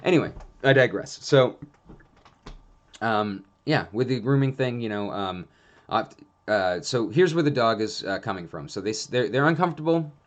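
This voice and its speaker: A man's voice: medium pitch, lively intonation, normal speed. A man who used to groom dogs gives casual, frank advice on dog behavior, rambling and leaning heavily on fillers. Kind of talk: casual instructional talk.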